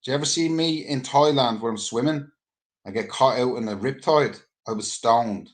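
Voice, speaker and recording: Animated, swearing Irish man. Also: mid-range voice, moderate pace. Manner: animated, profane, rambling storyteller. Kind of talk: casual anecdote telling.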